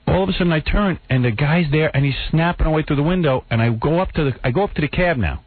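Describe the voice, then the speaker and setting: A man's voice: fairly high pitch, quick pace. A man hosting a radio show, telling a story in a casual New way and acting out the quotes. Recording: dry, tinny phone-like radio audio.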